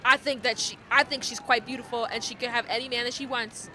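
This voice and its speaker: Woman streamer, wry casual asides, bright voice, faint city noise behind. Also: on the high side, fairly even intonation, quick pace. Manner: wry asides between reading dialogue. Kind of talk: casual game commentary.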